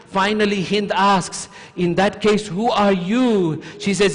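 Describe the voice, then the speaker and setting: A man preaches an emotional mourning sermon, unhurried and drawn out, with a voice that sits high and climbs higher in pleading passages. His words ring on in the long reverb of a large mosque hall. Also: fairly even intonation. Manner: slow recited storytelling, rising to high emotional pleading in quotes. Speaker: sheikh giving a majlis lecture.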